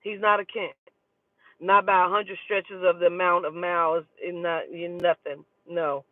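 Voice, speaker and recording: A woman who works as a spiritual advisor, telling a personal story in a lively, profane, gossipy way and acting out the dialogue. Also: fairly low pitch, unhurried, dry recording. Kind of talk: casual storytelling. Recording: tinny phone-like dry sound.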